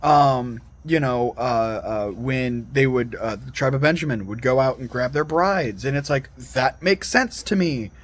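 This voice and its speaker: A man talks through a loose, earnest solo monologue for his channel, wandering off track and restarting his sentences. His voice sits at an ordinary middle pitch. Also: a little slow, hardly any pauses. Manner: earnest, digressive, frequent restarts. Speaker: Christian video commentator.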